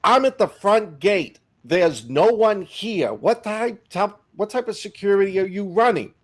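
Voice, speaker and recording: A man's voice: high voice, animated, a little slow, voice pushed up. Man doing an irate general on the phone. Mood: indignant. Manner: indignant, loud.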